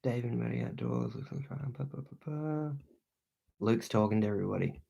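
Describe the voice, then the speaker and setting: A man's voice: mid-range voice, a little fast, vocal fry, mellow, highs cut off. A young Australian man hosting a livestream from a room at home, reading viewer comments aloud and thanking them in laid-back slang. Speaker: outdoor channel host.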